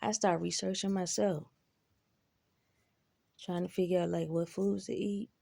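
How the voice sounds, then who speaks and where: Slow, gravelly-voiced woman telling stories. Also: fairly low pitch, steady tone, warm tone. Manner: laid-back, swears freely, rambling asides. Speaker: vlogger. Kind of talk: casual storytelling.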